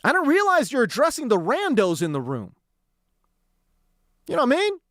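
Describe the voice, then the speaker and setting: Male sports radio host, lively swinging pitch, slangy and sarcastic, dry close studio sound. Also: moderate pace, no room sound. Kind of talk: sports talk radio commentary.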